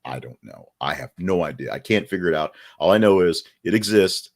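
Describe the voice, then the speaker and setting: Deep-voiced man chatting as podcast host. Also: lively intonation, a little fast. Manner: chatty, wry, self-correcting asides. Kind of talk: casual news podcast monologue.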